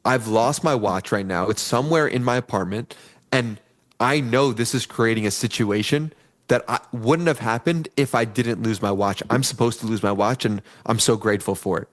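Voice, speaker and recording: A man's voice: mid-range voice, moderate pace. A young man guest in a podcast interview, telling personal stories in an earnest way and acting out the voices of people in them. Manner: earnest, acts out quoted voices in his stories. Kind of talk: conversational interview storytelling.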